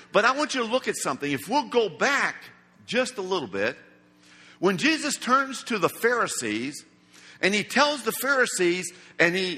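A man's voice: high-pitched, bright, forceful tone. A man preaching a sermon in an emphatic, dramatic way, acting out the quoted lines. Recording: long hall reverb.

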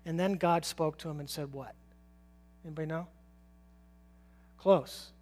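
A man's voice: a little high, steady tone, a little slow, darkish tone. Casual, chuckling male preacher. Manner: informal, asks the audience questions, chuckles often. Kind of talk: conversational sermon.

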